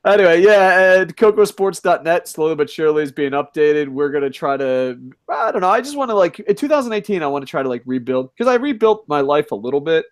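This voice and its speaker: A young man with a fairly high voice rambles through casual wrestling chat. He swears constantly and gets more excited the longer he talks. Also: quick pace, hardly any pauses. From United States. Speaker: podcast co-host.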